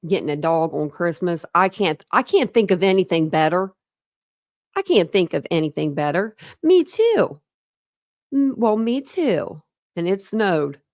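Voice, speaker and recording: A woman's voice: on the low side, darkish tone, no echo, studio quality. A woman hosting a true crime livestream, chatting casually with viewers, rambling and laughing often.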